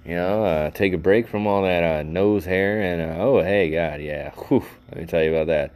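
Deep-voiced goofy rambling man. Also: moderate pace, darkish tone, smooth. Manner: goofy, rambling, laughs at his own jokes. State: tired and worn out. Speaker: podcast host. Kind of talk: rambling solo podcast chat.

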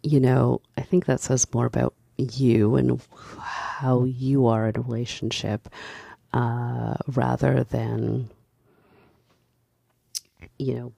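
A woman's voice: extremely low pitch, level tone, slow, vocal fry, long pauses, warm tone, slightly rough, dry recording. A woman giving casual opinion commentary, candid and passionate, building to emphatic points.

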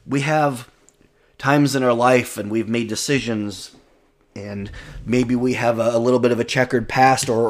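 A man preaching a sermon in an earnest way, reading scripture and slowing down to stress key words. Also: medium pitch.

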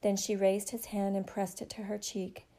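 A woman reading a novel aloud in a steady, measured way. Her voice is low in brightness and mellow, with a gravelly texture and a medium pitch. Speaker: narrator.

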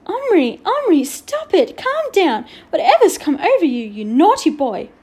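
A woman's voice: extremely high pitch, very animated, unhurried, darkish tone, pitched above the performer's own voice, exaggerated voice. A woman reading aloud and voicing a flustered, scolding elderly school secretary in a storybook.

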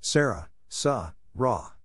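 A man's voice: fairly low pitch, expressive, normal speed, darkish tone, dry recording, studio quality. A man doing an anxious, pleading schoolgirl. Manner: urgent, pleading.

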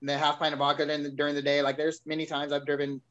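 A man's voice: fairly high pitch, monotone, racing, fairly bright tone, smooth, muffled recording. Candid man telling his story. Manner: candid storytelling, acts out his own quoted lines. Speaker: guest.

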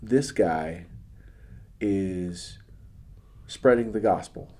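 A man with a fairly low, warm and mellow voice chats casually on a podcast. He tells a story earnestly, stumbling and restarting his phrases as his thoughts run ahead. He speaks about faith with sincere feeling. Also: very slow. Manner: religious. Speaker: podcast host. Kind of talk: casual chat.

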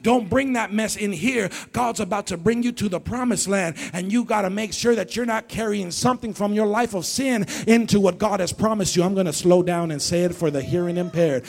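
A man preaching a sermon as pastor to a congregation in a church, calling out to the listeners and swinging from low talk to shouting. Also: fairly quick, creaky, few pauses. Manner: call-and-response preaching, dropping low then building to shouts. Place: church sanctuary before a congregation.

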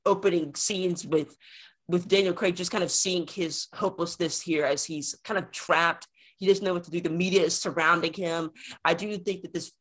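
A man's voice: on the high side, fairly bright tone. Rambling male podcast co-host. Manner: rambling, repeats words while thinking. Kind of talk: casual film review chat.

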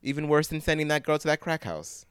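A man co-hosting a podcast in casual chat, ranting with exasperated, animated swings. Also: fairly high pitch, quick pace, clean tone, no room sound, clean studio sound. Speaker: podcast co-host.

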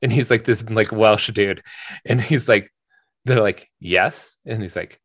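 A man's voice: lowish voice, fairly even intonation, a little slow, no echo, studio quality. A man co-hosting a movie podcast in casual chat, rambling with lots of fillers and restarts. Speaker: podcast co-host.

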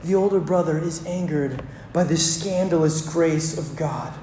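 A pastor preaching a sermon in a church, with dramatic pauses and emphatic repetition, recorded with a roomy church echo. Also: mid-range voice, mellow, a little hiss or hum.

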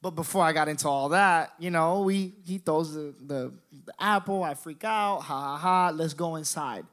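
A man in his twenties doing stand-up, telling a profane, animated story and talking straight to the crowd. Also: on the high side, normal speed. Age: 20s. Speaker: stand-up comedian.

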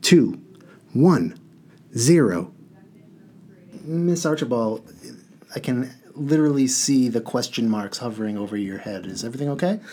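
A man's voice: mid-range voice, fairly quick, dark tone. A male teacher reading a storybook aloud to a class, with chatty, lightly humorous asides.

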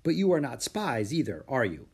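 A man voicing a kindly old male poet who speaks in a gentle, formal way. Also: mid-range voice, sing-song, normal speed, husky, heavily acted.

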